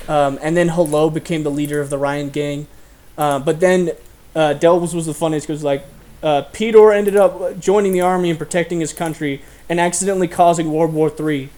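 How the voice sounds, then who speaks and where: A man's voice: on the high side, steady tone, fairly quick, mellow. A young man hosting a casual chat, telling stories animatedly and laughing often. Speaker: host.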